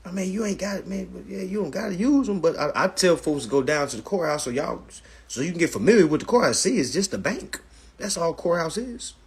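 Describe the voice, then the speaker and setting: Man, live stream host, husky and rough voice, lively swinging pitch, casual profane chat. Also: fast. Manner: animated, profane storytelling, addresses viewers as family.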